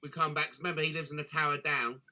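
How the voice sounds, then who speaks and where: A man telling a crude, animated story in casual chat, swearing freely. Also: on the high side, very fast. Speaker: guest storyteller.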